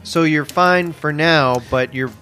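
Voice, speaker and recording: A man's voice: a little high, takes it slowly, faint music behind. A man co-hosting a comedy podcast, reacting earnestly and telling a sincere, rambling story. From Canada. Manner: earnest, easily impressed, lively reactions. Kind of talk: improvised comedy chat.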